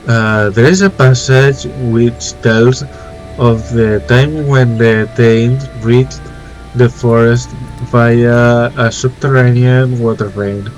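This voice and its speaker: A man's voice: mid-range voice, steady tone, faint music behind, lightly acted, poor audio. A man reading a formal young scholar. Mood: earnest. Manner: reads lines in a plain, slightly halting voice. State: stuffy-nosed from a flu. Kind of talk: reading game dialogue aloud.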